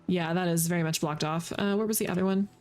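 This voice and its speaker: A woman's voice: lowish voice, fast, darkish tone, soft background music. A woman streamer giving playful, chatty commentary while she plays a video game. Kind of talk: casual gameplay commentary.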